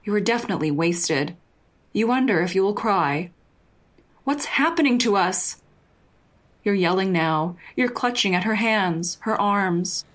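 A woman narrating a second-person story in a steady, even delivery. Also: medium pitch, moderate pace.

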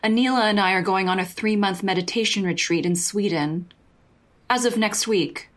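Give me a woman playing a calm, firm young woman with measured therapy talk. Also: mid-range voice, lightly acted. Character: blunt young woman roommate, calm, distancing.

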